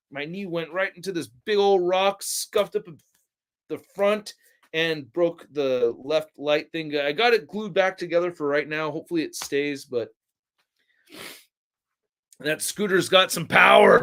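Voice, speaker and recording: A man's voice: high voice, fairly bright tone. A young man hosting a livestream, chatting casually in a laid-back, slangy way and telling stories to his chat. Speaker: livestream host.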